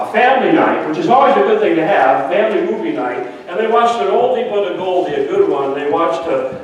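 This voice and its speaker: An older man, a grandfather and pastor, preaching a sermon with playful asides and stories told to the congregation. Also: fairly high pitch. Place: church sanctuary. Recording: echoey church hall from far off.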